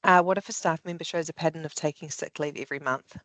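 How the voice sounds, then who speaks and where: Brisk New webinar moderator. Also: medium pitch, fairly even intonation, fairly bright tone, dry recording. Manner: brisk, upbeat acknowledgements. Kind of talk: reading audience questions.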